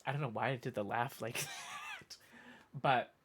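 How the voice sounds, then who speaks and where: Lively, rambling livestreamer chatting with viewers. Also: medium pitch, unhurried, slight background noise. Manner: rambling, playful, with mock outrage and self-interruptions. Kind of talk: casual stream chat with viewers.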